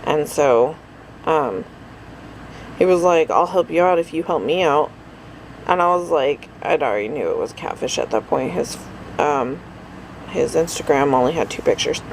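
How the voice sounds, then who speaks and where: A woman's voice: low-pitched, moderate pace, long pauses, slight background noise, poor audio. A tired middle-aged woman rambling through a casual daily vlog, full of fillers and asides. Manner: rambling, chatty, lots of fillers. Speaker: vlogger.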